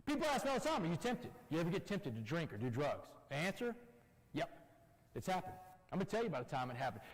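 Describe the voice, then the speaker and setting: A husky man gives a motivational talk and moves quickly from one story beat to the next. His pitch jumps around as he acts out the dialogue, and his voice sits fairly high. The sound carries a long church-hall echo. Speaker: guest speaker.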